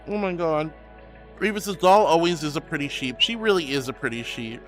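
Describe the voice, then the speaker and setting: A male streamer with a high voice chats live with his viewers, gushing and giggly as he thanks them. His pitch swoops all over the place, and faint music plays underneath. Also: lively intonation, moderate pace, a bit bright. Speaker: VTuber streamer. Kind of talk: live stream chat, reading viewer messages.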